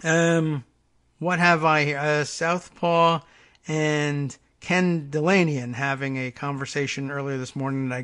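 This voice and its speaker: Man, talk radio host, rambling casual delivery, slightly high voice, reads posts aloud. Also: a bit bright.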